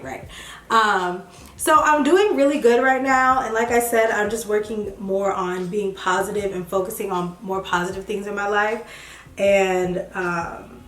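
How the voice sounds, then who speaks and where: A young woman vlogger, chatting candidly while doing her makeup. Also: mid-range voice. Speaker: beauty vlogger. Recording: echoey room.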